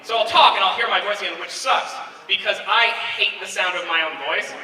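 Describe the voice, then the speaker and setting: A man's voice: high-pitched, fairly quick. A young man doing a stand-up comedy set with awkward, self-deprecating chatter full of filler words. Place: convention stage before a large laughing audience. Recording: distant echoey hall recording with loud crowd.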